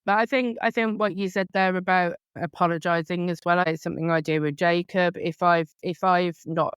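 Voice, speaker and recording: A woman in her thirties hosts a relaxed podcast chat with a smooth, resonant voice. She talks candidly and pokes fun at herself. The sound is dry and close. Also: fairly low pitch, normal speed, no room sound. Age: 30s. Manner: chatty, candid, self-deprecating. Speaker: podcast host. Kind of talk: casual conversational interview.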